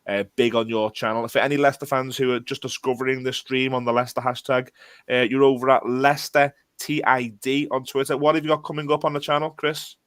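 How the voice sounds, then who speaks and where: Scouse male podcast host, casual banter, self-deprecating humour, medium pitch, dry close sound. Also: little pitch movement, fast talker, a bit bright, clean tone, dry recording. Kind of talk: casual football podcast chat.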